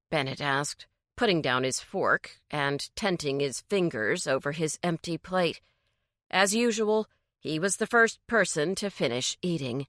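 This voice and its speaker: A woman narrating an audiobook in a measured, even way. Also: lowish voice, no room sound, studio quality. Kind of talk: scripted narration.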